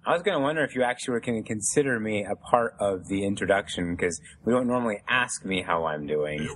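A man's voice: on the low side, lively intonation, quick pace, fairly bright tone, a little hiss or hum, poor audio. A man co-hosting a casual podcast, dry and sarcastic. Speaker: podcast co-host. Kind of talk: casual group podcast chat.

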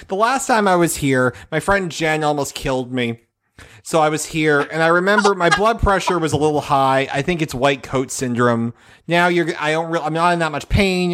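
A man's voice: on the high side, fairly bright tone. A young man telling a comic story with sarcasm, acting out other people's lines. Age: young adult.

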